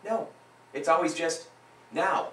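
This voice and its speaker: A man's voice: on the high side, slow, sharp tone. Emphatic man coaching, roomy distant sound. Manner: emphatic, repeats phrases with rising force. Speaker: hypnotist coaching a client. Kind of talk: live coaching session.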